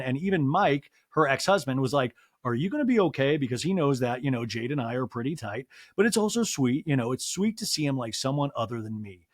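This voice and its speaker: A man hosting a podcast, chatting casually and excitably, laughing often and slipping into exaggerated voices for quotes. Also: medium pitch, fast talker, no echo, clean studio sound. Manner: jumps into exaggerated voices when quoting people. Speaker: podcast host. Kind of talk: casual chat recapping a TV episode.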